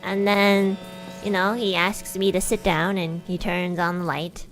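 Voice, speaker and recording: A young woman streamer telling a long everyday story in casual chat, animated and chatty, acting out what people said. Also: fairly low pitch, a little slow, soft background music. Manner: chatty, animated, acts out quoted lines in a raised voice.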